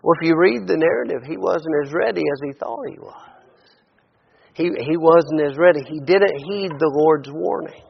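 A man delivers a conversational sermon, doubling back on his words as he goes. His voice sits a bit high. The sound is muffled and rings with a long reverb, as if in a large church. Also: moderate pace, vocal fry, slightly rough. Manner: conversational preaching with many restarts and repeated words. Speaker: preacher. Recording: dull audio with long hall reverb.

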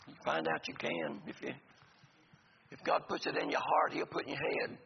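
Male pastor, gravelly voice, folksy and joking, dull lo-fi church recording. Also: deep voice, animated, moderate pace. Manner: folksy, joking asides to the congregation. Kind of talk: sermon. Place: church sanctuary. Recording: gravelly voice in a reverberant hall, dull lo-fi sound, faint noise.

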